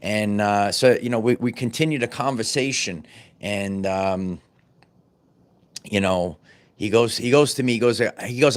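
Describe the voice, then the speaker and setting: A man's voice: on the low side, measured pace. A man vlogging about wellness, telling a story in a casual monologue with many restarts and repeated words.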